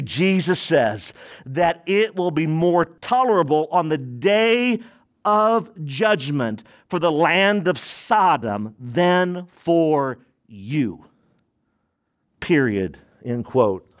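A man preaching a sermon as a pastor, speaking emphatically, asking the congregation rhetorical questions and swinging between raised and hushed delivery. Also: a little high, expressive, takes it slowly.

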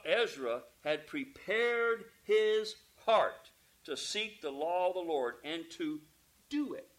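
A man preaching a sermon, emphatic, asking the congregation rhetorical questions and calling for amens, dropping from loud peaks to quiet asides. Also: high-pitched, rough recording.

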